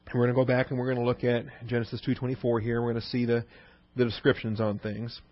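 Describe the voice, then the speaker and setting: A man's voice: mid-range voice, completely flat delivery, fast, dull audio. A male pastor preaching an expository sermon, stressing points with repetition and rhetorical questions. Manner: emphatic, rhetorical questions, repeats key points.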